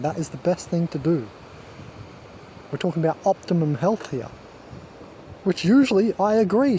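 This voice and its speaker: A man's voice: on the high side, dark tone, slight background noise. A man rambling to camera as a wellness vlogger, emphatic and self-assured, lecturing his viewers.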